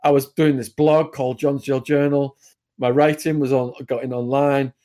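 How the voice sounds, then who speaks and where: An English man as an interview guest, speaking at an average pitch. He retells his story briskly and vividly in a conversational tone. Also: little pitch movement, dark tone. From England.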